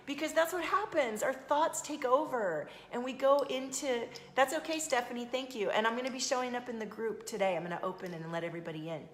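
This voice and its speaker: A woman coach speaks softly and soothingly to her live-stream viewers, chatting casually and greeting them by name. Her voice carries a roomy echo, as if she is in a bare room. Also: on the high side, a little fast, hardly any pauses.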